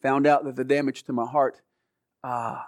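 A man's voice: mid-range voice, level tone, normal speed, no room sound, clean studio sound. A middle-aged man giving an earnest, emotional personal testimony as a guest, often restarting his sentences. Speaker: guest telling his story.

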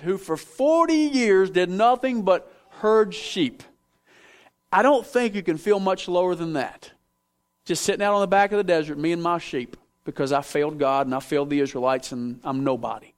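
Male preacher, high-pitched, animated, talks straight to the congregation. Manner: animated, acts out biblical figures, asks audience to respond. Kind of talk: sermon. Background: audience in room.

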